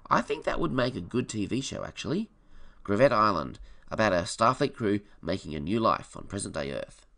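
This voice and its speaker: Lively, gravelly-voiced man reviewing films. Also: lowish voice, fairly quick. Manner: enthusiastic fan, opinionated asides. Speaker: film reviewer. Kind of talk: casual review commentary.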